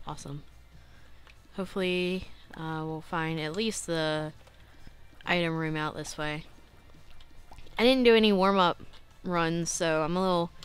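Young woman doing chatty let's play commentary, super clear smooth voice, bit low, keeps clearing her throat, yells at her own mistakes. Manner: chatty and self-critical, breaks into excited outbursts. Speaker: gaming channel host.

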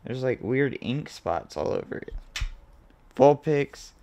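A man hosts a card-opening video in an unhurried, smooth, clear voice. He reads card names off one by one in a relaxed, mildly profane way and gets excited when something good turns up. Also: mid-range voice. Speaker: host. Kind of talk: casual card-opening commentary.

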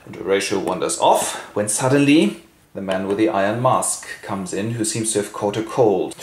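A man from Germany with a German accent, hosting a comic literary summary with wry, deadpan asides. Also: on the low side, normal speed, roomy sound. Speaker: host and narrator.

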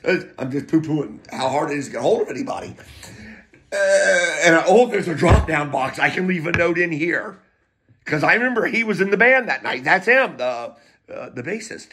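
Profane rambling man, somewhat high voice. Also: lively intonation, moderate pace, bright, forceful tone. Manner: wry laughs, muttered asides. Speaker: poet and vlogger. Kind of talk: rambling casual monologue.

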